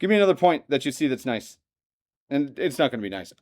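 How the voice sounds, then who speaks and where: A man teaching a math lesson to a classroom, lively and joking, often asking the students questions. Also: mid-range voice, fast. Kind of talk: classroom lecture.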